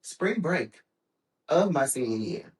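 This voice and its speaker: A woman from Texas, a podcast guest, telling stories in a casual chat with frequent laughs and quoted voices. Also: slow. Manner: animated, laughs often, acts out quotes in a high voice. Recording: roomy echoing room.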